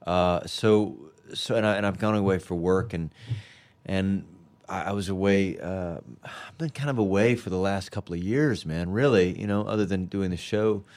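A man talking as a podcast guest in casual chat, rambling and halting with many restarts. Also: sits low, darkish tone.

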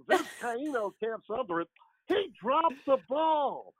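A man imitating an older baseball play-by-play announcer, with a slow drawl and loud exclamations, over a phone line. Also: very high-pitched, big pitch swings, noisy background, voice pushed up, heavily acted. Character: older male baseball announcer, boozy and gruff.

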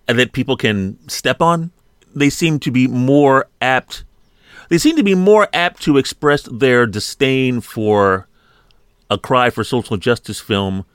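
A man's voice: mid-range voice, fairly bright tone, clean tone, dry recording, clean studio sound. A man hosting a casual film review chat, rambling and hesitant with frequent fillers. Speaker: podcast host.

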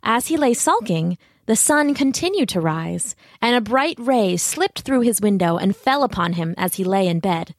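Woman, storybook narrator, steady delivery, dry recording. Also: medium pitch, normal speed, dry recording. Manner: clear, steady retelling with asides to the listener.

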